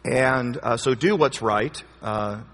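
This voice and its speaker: A pastor leads a Bible study question time, speaking conversationally with jokes and emphasis. His medium-pitched voice is slow and fairly bright, and the recording carries a long hall reverb.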